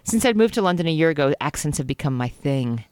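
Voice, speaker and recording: The speaker is a podcast co-host reading a racy novel aloud, breaking off to giggle and trip over hard words. the recording is close and dry, with no room sound, and the pitch sits in a middle range. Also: animated, fast, a little mellow, clean tone, dry recording. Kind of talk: casual comedic book reading.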